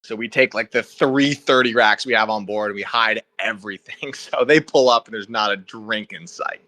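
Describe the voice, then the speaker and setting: A young man telling a story on a casual podcast, animated and wry, with laughs as he goes. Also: fairly low pitch, normal speed, no room sound. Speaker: podcast co-host.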